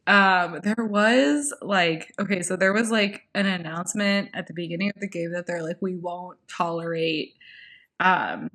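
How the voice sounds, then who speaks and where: A woman's voice: mid-range voice, a bit bright. A woman co-hosting a podcast in casual chat, talking loosely with lots of filler words. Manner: chatty, many "like" fillers. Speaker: podcast co-host.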